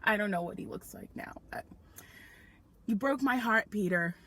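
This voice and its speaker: A woman of about thirty from Nigeria, speaking with an American accent, co-hosting a comedy podcast and telling a story with animated, self-mocking energy. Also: medium pitch, normal speed, creaky. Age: around 30. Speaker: podcast co-host. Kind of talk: comedic casual chat.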